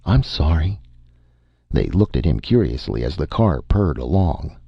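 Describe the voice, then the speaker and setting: A man reading a short story aloud as narrator, in a steady storytelling way. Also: very deep voice, normal speed, creaky, husky, dry recording, dull audio.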